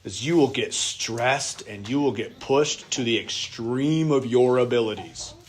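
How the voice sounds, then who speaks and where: A man's voice: mid-range voice, a little slow, slight background noise. A man, a pastor, teaching a church workshop on parenting in a casual, conversational way, now and then acting out the voices of kids and parents.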